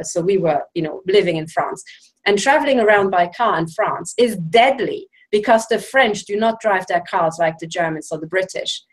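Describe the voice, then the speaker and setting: Sarcastic woman guest with a middle-pitched voice who talks at length and with emphasis. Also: poor audio. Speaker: guest speaker.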